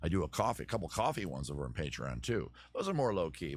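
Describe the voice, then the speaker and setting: Low-voiced man rambling on a livestream. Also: sing-song, fast, hardly any pauses, no room sound. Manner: rambling, joking and self-mocking. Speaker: host of a live-stream chat show. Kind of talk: casual live-stream chat. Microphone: close microphone.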